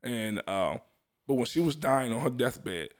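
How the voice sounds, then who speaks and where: Speaking a little slowly in a mid-range voice with lively intonation, a young man recounts his personal testimony during a casual chat. His storytelling is earnest, punctuated by lots of laughs and restarts.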